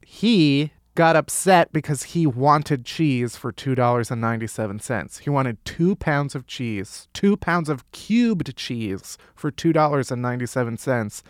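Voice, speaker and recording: A man's voice: medium pitch, expressive, a little slow, few pauses, no room sound, clean studio sound. A man hosting a casual comedy news roundup, sarcastic and profane, laughing often. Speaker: comedy podcast host.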